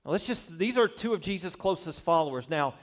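A man's voice: a little high, animated, a little fast. A man preaching a sermon, speaking emphatically, posing rhetorical questions to the congregation and telling humorous personal stories. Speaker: pastor.

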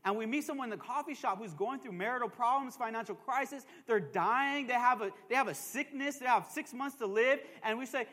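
Male pastor, sermon, very high pitch, chatty and emphatic with calls to the crowd, long church reverb. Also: expressive, fairly quick, hardly any pauses, bright, forceful tone. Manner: emphatic preaching with call-and-response asides; joking, conversational asides. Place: church sanctuary.

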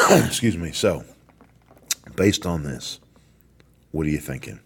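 Very deep-voiced man giving a pep talk. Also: big pitch swings, slow pace, vocal fry, fairly bright tone, husky. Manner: emphatic, repeats key phrases. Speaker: podcast host, corrections warden. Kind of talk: motivational talk.

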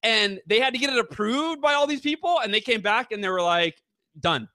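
Author guest, male, upbeat rambling storyteller, high-pitched and bright. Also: lively intonation, a little fast, no room sound. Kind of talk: casual interview chat.

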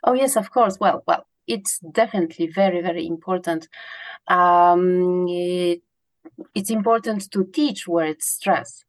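A woman's voice: on the low side, unhurried, dry recording. A woman researcher answering interview questions in a hesitant way, with many fillers and restarts. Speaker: guest, pronunciation researcher.

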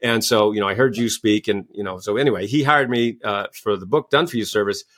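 A man's voice: fairly low pitch, fairly quick, a bit bright. Enthusiastic male coach telling stories. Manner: enthusiastic, storytelling, acts out quoted voices. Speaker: guest, executive coach and author. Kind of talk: animated interview answers.

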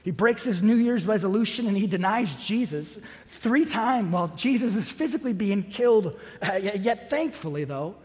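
A man's voice: high voice, animated, moderate pace, a little mellow. A man preaching a sermon as a pastor, earnest and driving home key phrases by repeating them. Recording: long hall reverb.

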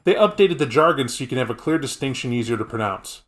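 A man's voice: medium pitch, expressive, quick pace. A man co-hosting a casual podcast, explaining tabletop game lore in a rambling, conversational way. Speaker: podcast co-host.

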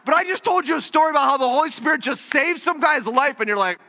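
A very high male voice races through a sermon, with a long reverb tail ringing around the church sanctuary. The pastor tells his stories with animation and acts out every quote.

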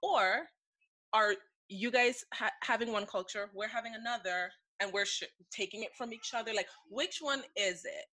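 A woman's voice: a little high, moderate pace, pushed and bright, rough recording. A woman from the Caribbean hosting a casual podcast chat, talking in an emphatic, opinionated way. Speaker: podcast host.

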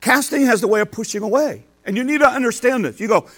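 Speaking at an extremely high pitch, this elderly grandfather preaches a folksy sermon, rattling along fast with few pauses in an animated way. The pastor shares homespun tales and performs quoted lines with dramatic swings in volume.

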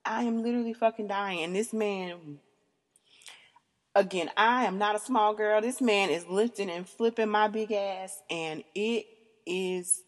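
A woman hosting a podcast, telling a candid story in an animated, emphatic way, swearing freely and calling out to her listeners. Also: medium pitch, slow, in a large hall. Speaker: podcast host.

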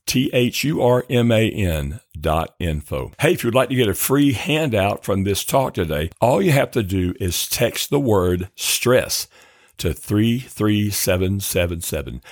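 A man hosting a self-help podcast, giving calm, earnest, encouraging advice into a close mic. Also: on the low side, dry recording. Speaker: counselor and podcast host.

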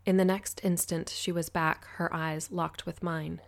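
A woman narrating an audiobook in the first person, in an even, measured reading. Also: fairly low pitch, vocal fry.

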